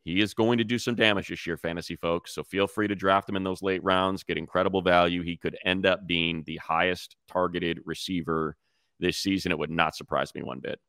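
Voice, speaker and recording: Male sports podcast host, low voice, dry close sound, chatty storyteller. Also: fairly even intonation, brisk, fairly bright tone, dry recording. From Detroit, raised near Chicago. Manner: storytelling, mimics others' voices. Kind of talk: casual sports talk.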